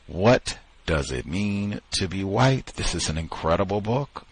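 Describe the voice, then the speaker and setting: A man hosting a study session, talking through a book with musing asides that build into animated emphasis. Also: low voice, takes it slowly, pauses often, husky, rough recording. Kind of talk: book discussion talk.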